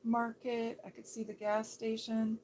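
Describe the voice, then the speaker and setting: Slow, soft-spoken woman livestream host. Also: on the high side, monotone, slight background noise. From Seattle, Washington State. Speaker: livestream host reading viewer comments.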